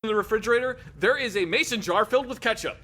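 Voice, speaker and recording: A man's voice: high-pitched, fast talker, pushed and bright. A man telling a funny personal story in a casual, wry way, acting out quoted exchanges.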